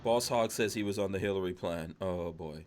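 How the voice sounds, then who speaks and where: A man hosting a casual livestream podcast, reading out viewer comments in a relaxed manner. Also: sits low, a little fast, a little hiss or hum. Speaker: podcast host.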